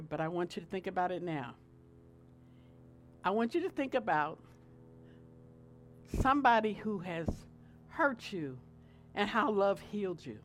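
A middle-aged woman preaching a sermon in a lively, conversational way, swinging between loud and soft. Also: mid-range voice.

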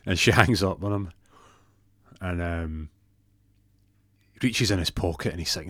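A Scottish man spinning a comic yarn, his voice deep and low. He rambles, swears and trips over his own words, recorded dry and close. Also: a little slow, pauses often, fairly bright tone, no room sound. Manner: rambling, profane, self-interrupting. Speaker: storyteller. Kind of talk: comic storytelling.

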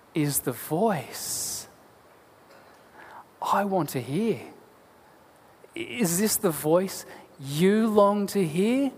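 A man preaching a sermon as a pastor, earnest and deliberate, asking rhetorical questions. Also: sits high, darkish tone, a little hiss or hum. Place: church. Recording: long church hall reverb.

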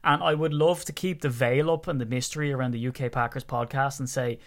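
A man with an Irish accent from Wicklow, co-hosting a podcast and chatting casually, telling animated stories. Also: medium pitch, brisk. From Ireland, Wicklow. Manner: animated storyteller, acts out quoted voices. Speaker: podcast co-host.

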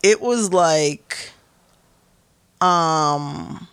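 A woman's voice: low-pitched, very slow, clean tone, no echo, clean studio sound. A young woman guest in an interview, speaking candidly and bluntly with profanity, acting out quotes as she tells her stories. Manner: blunt, profane, animated storytelling with acted-out quotes.

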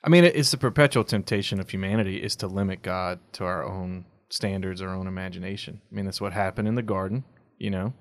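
A man co-hosting a podcast, speaking in a measured, reflective way, with dry jokes in between. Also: low voice, dry recording. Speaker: podcast co-host. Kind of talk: casual chat.

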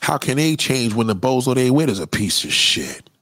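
A man's voice: medium pitch, sing-song, normal speed, fairly bright tone, no echo. Man, impassioned monologue, swearing, sermon-like lecturing, dry close sound. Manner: profane, preachy, lecturing the audience. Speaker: commentator.

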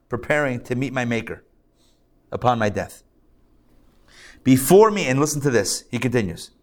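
A man, a rabbi, teaching a live class in a conversational, lively way, asking rhetorical questions and adding asides. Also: medium pitch. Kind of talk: live lecture to a group. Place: live class in a synagogue learning center.

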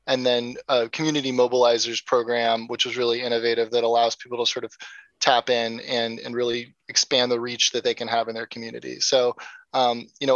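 A man's voice: medium pitch, fairly bright tone, no room sound, highs cut off. A man speaking as an interview guest, earnest and upbeat, with frequent ums and sort-ofs. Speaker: guest, nonprofit founder. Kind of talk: casual interview.

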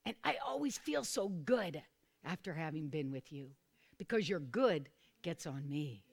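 A woman preaching a sermon to a small group, repeating phrases and calling for responses, sometimes bursting into loud, fervent exclamations. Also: deep voice, animated, a little slow, gravelly, husky. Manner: repetitive, calls for responses from listeners.

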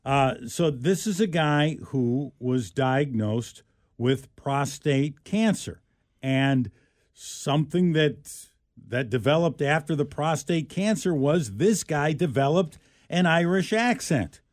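A man's voice: on the high side, animated, takes it slowly, no room sound, studio quality. A man co-hosting a radio show, chatting casually and jokingly about an odd news story, often restarting his sentences. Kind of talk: casual talk radio banter.

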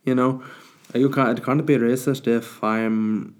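A man's voice: medium pitch, steady tone, unhurried. A man hosting a podcast, ranting in a sweary, mocking, exasperated way. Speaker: podcast host. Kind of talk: casual ranting monologue.

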